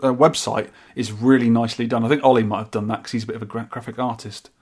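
Speaking fast in a steady, husky tone at medium pitch, a man co-hosts a podcast. His casual, eager chatter keeps circling back as he restarts sentences.

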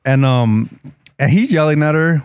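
A man's voice: on the high side, animated, normal speed, a little mellow, smooth, dry recording. Laid-back man, profane. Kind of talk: casual storytelling.

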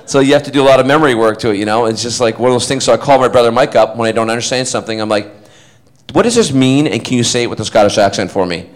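A man's voice: mid-range voice, fairly even intonation, racing, few pauses. A man, an actor, telling rambling anecdotes in a casual interview, full of fillers. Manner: rambling, chatty, many fillers.

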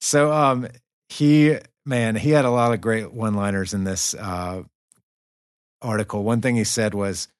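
A man's voice: on the low side, fairly even intonation, measured pace, no room sound, studio quality. A man hosting a podcast, telling a story in a casual, upbeat way with lots of fillers and laughs. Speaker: podcast host. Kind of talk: casual chat. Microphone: remote recording for a virtual studio.

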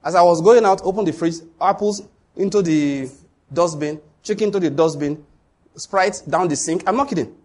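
A middle-aged man, preaching a sermon in an animated storytelling way. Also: high-pitched, moderate pace. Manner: storytelling, animated, with sudden loud acted outbursts. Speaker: pastor.

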